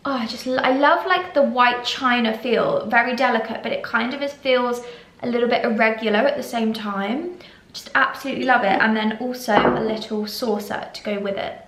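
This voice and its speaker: Young woman, casual vlog chat, gushing, fairly high voice, roomy echo. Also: moderate pace, fairly bright tone. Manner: chatty, gushing, slightly tearful at times. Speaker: vlogger. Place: at home indoors. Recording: echoey room, a bit far from mic.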